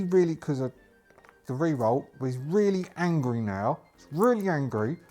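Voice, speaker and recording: A man's voice: on the high side, a little mellow. Chatty man narrating a solo tabletop game. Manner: chatty, thinks aloud over dice rolls.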